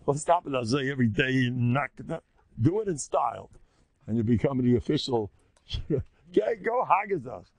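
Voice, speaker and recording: An older man, a rabbi, giving a Torah lecture in an animated way, acting out inner voices and mixing in Hebrew and Yiddish terms. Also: medium pitch, normal speed, gravelly, no room sound. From United States.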